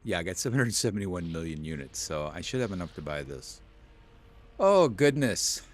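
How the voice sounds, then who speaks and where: A young man live-streaming a game, chatting with viewers and reading chat aloud, easily excited. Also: deep voice, fast talker.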